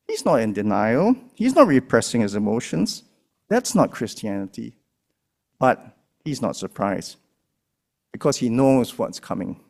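A man's voice: medium pitch, big pitch swings, a little slow, gravelly, a little mellow. A man preaching a sermon, with emphatic rises and drops in his delivery. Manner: emphatic preaching with rising and falling dynamics. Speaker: pastor.

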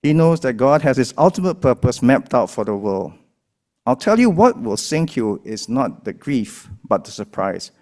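A man's voice: medium pitch, very animated, moderate pace, darkish tone. A man preaching a sermon, with emphatic rises and drops in his delivery. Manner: emphatic preaching with rising and falling dynamics. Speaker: pastor.

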